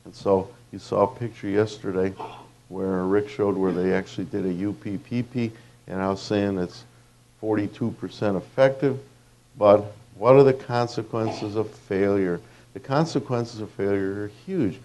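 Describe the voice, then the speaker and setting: A man lectures on anatomy in a low, darkly mellow voice with a gravelly edge. He talks loosely and conversationally, breaking off into stories with fillers and restarts. It sounds like a teacher speaking to a room of students. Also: moderate pace. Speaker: dental lecturer.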